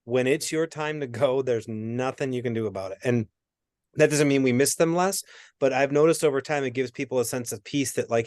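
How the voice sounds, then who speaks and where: A man working as a medium, giving a reading in a rambling, animated way that often interrupts itself. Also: mid-range voice, brisk, no room sound, clean studio sound. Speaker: psychic medium. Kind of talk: spirit reading conversation.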